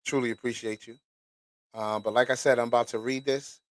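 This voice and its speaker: A man's voice: medium pitch, fairly even intonation, fairly quick, dry recording. A man hosting a show, reading documents aloud and stopping to react with casual, profane commentary. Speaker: host.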